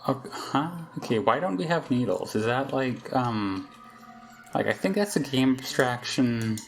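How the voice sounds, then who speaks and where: A man's voice: medium pitch, lively intonation, a little slow, a little hiss or hum. A man giving casual let's play commentary, thinking aloud and hesitating as he plays. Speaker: gameplay commentator.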